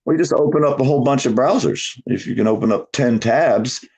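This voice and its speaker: A man's voice: medium pitch, a little fast, husky. A man chatting casually on a livestream, a boastful storyteller who swears a lot and laughs often. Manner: lively, swinging delivery. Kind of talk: casual chat.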